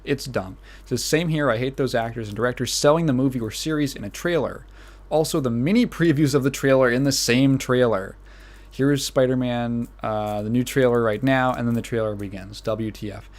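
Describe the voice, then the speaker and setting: A man's voice: medium pitch, a little fast, darkish tone. A young man with a Midwestern American accent hosting a solo podcast, rambling casually and laughing at his own asides. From Illinois. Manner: rambling, self-amused, laughs often. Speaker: podcast host.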